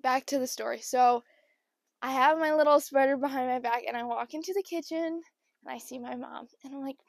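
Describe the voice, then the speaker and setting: A young woman hosting a podcast, telling a funny story in a casual, animated way and acting out the people she quotes. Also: high-pitched, a little fast, creaky, dry recording. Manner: animated, acts out quoted people with changed voices. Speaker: podcast host.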